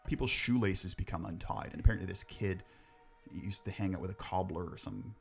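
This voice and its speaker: A man's voice: low-pitched, a little fast, creaky, faint music behind. A man co-hosting a podcast, telling ghost stories in casual, rambling chat, joking, swearing and laughing at his own jokes. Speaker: podcast co-host.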